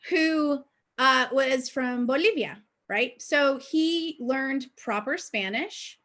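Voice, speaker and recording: A woman's voice: sits high, slow pace, a bit bright. A woman, a bilingual educator on an online panel, speaking reflectively and telling a personal story with frequent fillers. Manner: reflective, anecdotal, many fillers. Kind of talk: panel discussion. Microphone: video call.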